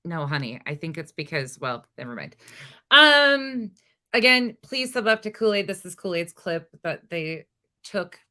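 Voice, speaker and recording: A woman's voice: fairly low pitch, very animated, unhurried, sharp tone. A woman hosting a drama commentary channel, speaking in a sarcastic, pointed way.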